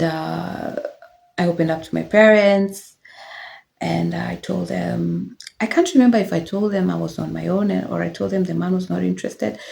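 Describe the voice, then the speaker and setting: A woman's voice: lowish voice, creaky, slight background noise. A young woman, candidly telling her own life story in a reflective, casual way. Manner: reflective, candid, with soft laughs and fillers. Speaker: vlogger sharing personal testimony.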